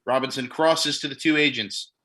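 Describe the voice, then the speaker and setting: A man narrating the stage directions of a comedic play reading, with wry deadpan asides. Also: mid-range voice, moderate pace.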